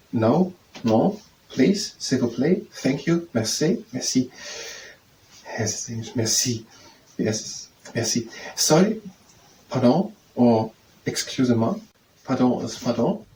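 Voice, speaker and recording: Man slowly practicing phrases, echoey distance. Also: mid-range voice, mellow. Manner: slow, hesitant, repeating words to practice. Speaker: self-study video host. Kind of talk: reading aloud and practicing phrases. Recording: roomy echo from a distant mic with faint noise.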